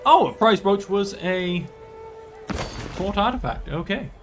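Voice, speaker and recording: A man narrates a strategy game, flipping into a pompous mock-medieval voice whenever he speaks as his ruler. His pitch sits a touch high and swings about animatedly. Faint game music runs underneath. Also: expressive, a little slow. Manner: slips into mock-archaic, theatrical speech as his ruler. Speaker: let's play host. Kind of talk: gameplay commentary with role-play.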